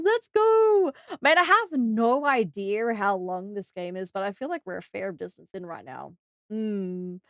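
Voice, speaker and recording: Bubbly high-voiced Australian woman streamer. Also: no room sound, studio quality. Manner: bubbly, excitable, gasps and squeals when greeting viewers. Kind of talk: live gaming stream chat.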